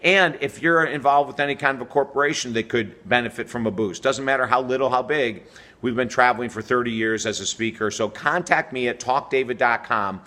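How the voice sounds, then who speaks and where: Middle-aged male host, bright forceful voice, energetic coaching delivery straight to camera. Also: mid-range voice, a little fast. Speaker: relationship coach and show host. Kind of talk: direct-to-camera advice video.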